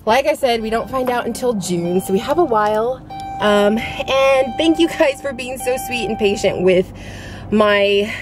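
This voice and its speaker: A woman's voice: a little high, animated, a little slow, over music. A young woman vlogging in a casual, rambling, giggly way with lots of fillers, a little out of breath as she talks. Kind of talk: casual chatty vlog.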